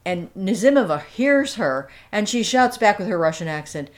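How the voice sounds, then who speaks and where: At normal speed and with few pauses, a woman with a medium-pitched voice tells a story as a guest in a casual interview. She rambles and restarts sentences, adds asides, and sometimes turns animated and amused.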